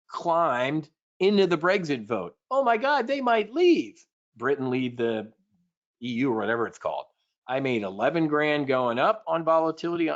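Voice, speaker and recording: Energetic man teaching options trading. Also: muffled recording. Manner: energetic and punchy, acting out panicked traders in shrill bursts. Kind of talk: live trading webinar.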